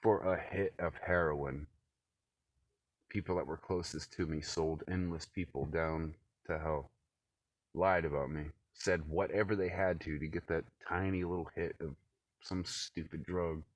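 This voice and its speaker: A low, husky male voice rants alone into the camera, profane and agitated, lurching from shouted outbursts back down to grumbling mutters. The sound is close and dry, with no room echo. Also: steady tone, a little slow. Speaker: vlogger. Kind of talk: rambling solo rant to camera. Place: cold room at home.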